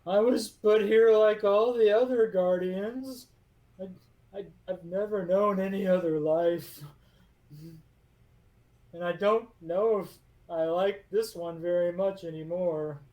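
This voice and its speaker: A man voicing a huge, sad male stone golem guardian who talks in a halting, tearful way. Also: sits high, little pitch movement, highs cut off, pitched above the performer's own voice. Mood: mournful.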